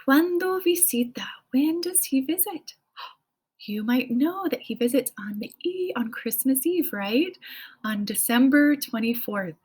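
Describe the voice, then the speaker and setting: A woman's voice: on the high side, breathy edge. A woman in her thirties teaching a children's language lesson, cheerfully prompting listeners to repeat after her. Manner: encouraging, sing-song prompts to repeat. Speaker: Spanish teacher.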